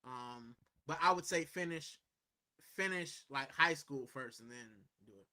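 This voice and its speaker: A man's voice: mid-range voice, unhurried, sharp tone. A man hosting a live stream, chatting casually with viewers and reading their comments, talking in a loose, rambling way and saying "bro" constantly. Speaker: livestream host. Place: indoors, in a corner at home.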